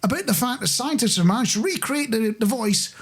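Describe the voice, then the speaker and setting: A man's voice: extremely high pitch, animated, a little fast, breathy edge. A man co-hosting a casual radio chat show, jokey and chatty, often laughing as he reads out listener messages.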